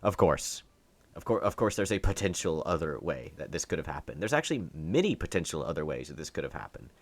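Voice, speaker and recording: A man's voice: extremely low pitch, big pitch swings, fairly quick. A young man delivering a heated, sarcastic opinion monologue as a political commentator, often repeating words as he speaks.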